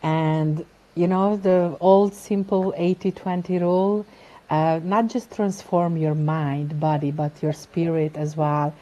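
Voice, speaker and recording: Slow, low-voiced woman coach. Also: fairly even intonation, dark tone, muffled recording.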